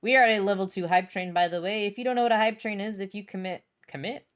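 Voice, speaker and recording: A woman's voice: medium pitch, steady tone, quick pace. A young adult woman streaming casually from home, bubbly, swearing freely and reading chat aloud.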